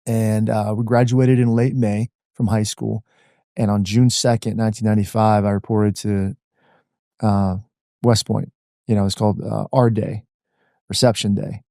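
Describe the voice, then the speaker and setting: Animated, warm-voiced storytelling man. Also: fairly low pitch, normal speed, creaky, no echo, clean studio sound. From Washington D.C. area, USA. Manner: animated, uses "man" and "like" a lot. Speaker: podcast guest. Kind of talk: conversational storytelling.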